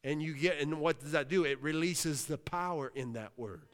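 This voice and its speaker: At a normal speed and a slightly high pitch, a male pastor from Western Pennsylvania preaches a sermon. He interrupts himself with shouts of hallelujah and checks in with the crowd, his voice carried by a long hall reverb.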